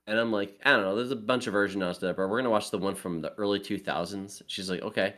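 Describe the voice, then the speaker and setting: A man in his forties hosting a podcast, animated, joking and opinionated in casual chat. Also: fairly low pitch, fast talker. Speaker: podcast host.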